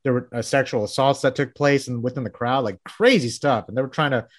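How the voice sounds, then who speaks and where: A man's voice: medium pitch, fairly even intonation, fairly quick, no room sound, studio quality. Chatty Texan man hosting. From Texas. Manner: chatty, laughs often, self-interrupting. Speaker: podcast host. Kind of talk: casual interview, lightning-round questions.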